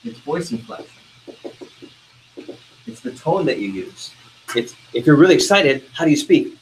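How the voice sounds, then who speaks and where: Lively male sales trainer quizzing a class. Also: on the high side, normal speed, background noise. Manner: energetic, keeps asking the class questions. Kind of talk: interactive training talk.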